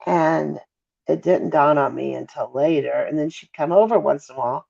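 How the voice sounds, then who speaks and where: A woman's voice: deep voice, moderate pace, vocal fry, a little mellow. A middle-aged woman, a mother giving an emotional interview who often halts, apologizes and loses her thread. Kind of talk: emotional interview over a call. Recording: dull, lo-fi call audio.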